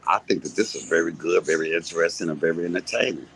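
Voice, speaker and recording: On poor audio with slight background noise, a man with a low, somewhat bright voice talks quickly. This live-streaming commentator rants at his viewers in a mocking, confrontational way, swearing as he goes.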